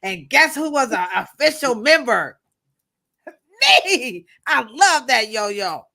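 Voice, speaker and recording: A woman co-hosting a live stream with a bright, forward voice. She talks loosely and playfully to her viewers. Her speech is full of slang and laughter. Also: high voice, very animated, slow, vocal fry. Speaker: co-host. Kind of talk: casual live-stream chat.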